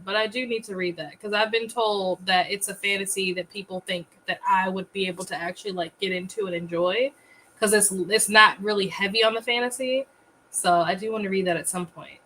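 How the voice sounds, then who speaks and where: A woman hosting a casual livestream, chatty and quick to laugh as she greets viewers. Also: mid-range voice, pushed and bright, slight background noise, low-quality recording. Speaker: livestream host.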